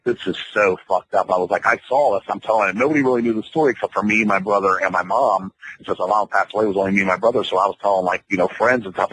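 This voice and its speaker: A man's voice: low-pitched, pushed and bright, husky, low-quality recording. A man guesting on a radio interview, telling a long personal story in a rambling, profane way and quoting others in his own voice. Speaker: band member guest.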